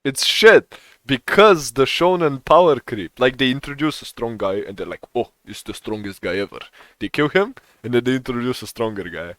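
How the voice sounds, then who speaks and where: A man's voice: mid-range voice, expressive, moderate pace, fairly bright tone, dry recording. Rambling young man, dry close sound. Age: young adult. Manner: swearing, rambling, laughs often. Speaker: podcast co-host. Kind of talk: casual chat.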